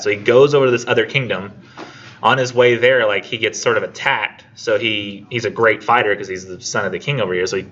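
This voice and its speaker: A man's voice: lowish voice, a bit bright. A man teaching a college English class in a casual lecture, chatty and acting out the characters' lines as he retells the story. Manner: chatty, acts out characters' lines in quick voices. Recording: muffled classroom recording with faint noise.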